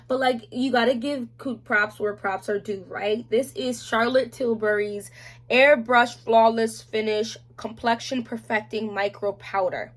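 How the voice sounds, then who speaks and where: A woman's voice: fairly high pitch, measured pace. Chatty woman reviewing beauty products. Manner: chatty, animated, slangy asides. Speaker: beauty vlogger. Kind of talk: casual product review chat.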